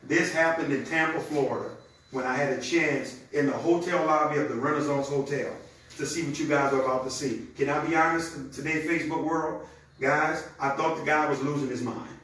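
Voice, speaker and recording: A man with a high, bright voice runs an energetic live sales pitch and speaks straight to his listeners. He is picked up from a distance in a very echoey room, with faint noise behind him. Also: a little fast. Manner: energetic and conversational, talks straight to the audience. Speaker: presenter of a product demonstration.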